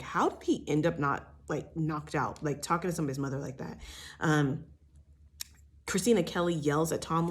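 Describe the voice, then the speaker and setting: A woman giving a chatty, blunt recap of a reality show, with lots of fillers and the odd swear word. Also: low voice. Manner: animated retelling with many fillers. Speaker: TV recap host. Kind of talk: casual gossip recap.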